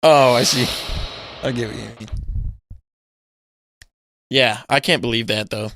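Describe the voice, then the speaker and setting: A man co-hosting a casual podcast, recounting scenes with a lot of swearing and sudden acted-out yells. His voice is bright and crisp. It sounds close and dry, with no room around it. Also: mid-range voice, a little slow, no echo. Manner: animated storytelling, swearing, loud acted-out yells. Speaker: podcast co-host. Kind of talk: casual chat.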